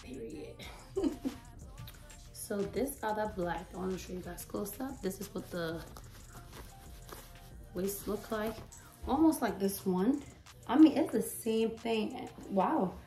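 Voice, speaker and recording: A woman's voice: medium pitch, animated, slow, long pauses, mellow. A woman vlogging a casual try-on haul, chatty and playful, a little out of breath, talking to a camera mic at a distance in a room at home. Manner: chatty and playful, hyping herself up. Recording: roomy echo from far off, faint music.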